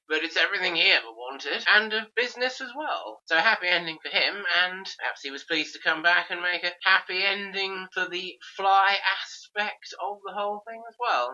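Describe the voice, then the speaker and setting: Man with a piercingly bright voice. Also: high-pitched. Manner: reflective, builds long spoken arguments. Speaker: podcast host. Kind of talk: casual film discussion. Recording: dull lo-fi podcast audio.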